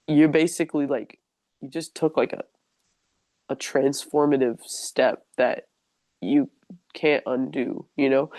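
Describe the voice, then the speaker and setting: A young woman with a gravelly, fry-edged voice tells her story in a relaxed interview. She is chatty and openly emotional, often reaching for "like." The sound is dry and close. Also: low-pitched, no echo. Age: young adult. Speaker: interview guest telling her conversion story. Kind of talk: casual personal storytelling.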